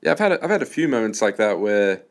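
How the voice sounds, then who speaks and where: This is a man with a very deep voice, hosting a podcast in an easygoing, conversational way. He swears casually and chuckles often as he chats. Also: very animated, fast talker. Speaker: podcast host. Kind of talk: casual chat.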